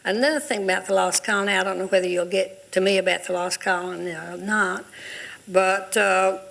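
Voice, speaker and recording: An older woman reminiscing as a panel guest, listing details in a measured way with small hesitations. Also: mid-range voice, fairly even intonation, creaky, a bit bright, low-quality recording. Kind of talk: casual reminiscing.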